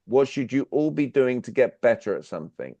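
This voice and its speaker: This is a workshop speaker teaching sales online, addressing people directly and quizzing them hard. His mellow, medium-pitched voice is very animated and fairly quick, captured as dull, dry video-call audio without echo.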